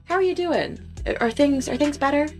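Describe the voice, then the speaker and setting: A woman voicing a brisk, no-nonsense middle-aged school nurse with a curt, fussing manner. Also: high voice, lively intonation, a little mellow, faint music behind, voice pushed up.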